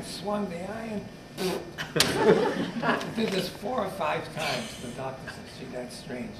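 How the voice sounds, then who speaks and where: A man's voice: fairly high pitch, expressive, normal speed, vocal fry. A man in his nineties telling a joke at his own party and chuckling through it. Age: 90s. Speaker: birthday honoree. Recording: echoey hall, far mic, loud crowd noise.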